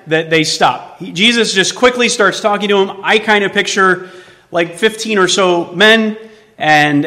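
A male pastor delivering a sermon in a church sanctuary. His voice is bright and sits a bit high for a man, and the long reverb of the hall trails after his words. He throws rhetorical questions at the congregation and swings between quiet asides and loud emphasis.

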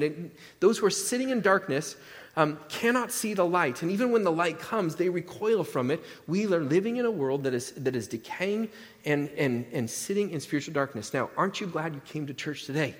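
A man's voice: sits high, expressive, fairly quick, in a large hall. A man pastor preaching a sermon to his church in a conversational way, with humor and rhetorical questions. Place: church sanctuary.

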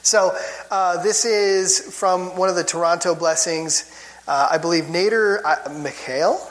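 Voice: medium pitch, fairly even intonation, slow pace, pauses often. Bible teacher talking casual, wry little chuckles, gets fired up. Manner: gets worked up.

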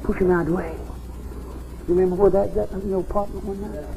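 Fervent high-pitched male preacher. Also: steady tone, quick pace, gravelly, noisy background. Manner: fervent folksy preaching that climbs into shouts. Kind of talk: revival sermon. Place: church service.

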